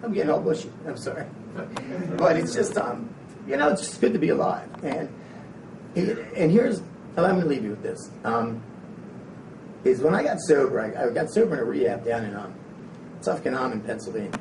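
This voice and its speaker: Gravelly man speaking in an echoey room. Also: fairly high pitch, brisk, pauses often, far from the mic. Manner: rambling, energetic, frank and casual with some swearing. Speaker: motivational speaker. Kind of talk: motivational talk to a live audience. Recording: echoey room, speaker away from the mic, faint noise.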